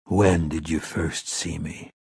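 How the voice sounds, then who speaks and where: Casting: man playing a grave gunslinger, gruff and slow, quiet commanding questions. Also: very deep voice, steady tone, no echo, clean studio sound, voice pushed down, full character voice. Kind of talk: audiobook character voice.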